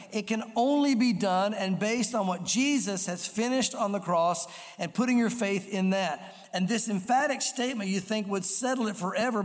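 A man preaching a sermon as pastor, emphatic and repeating his key phrases. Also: sits high. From Jewish background, raised on the Torah. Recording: reverberant hall sound.

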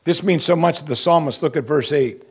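Man preaching, husky, slightly high voice, emphatic, soft asides then loud cries. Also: brisk. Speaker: pastor. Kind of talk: sermon.

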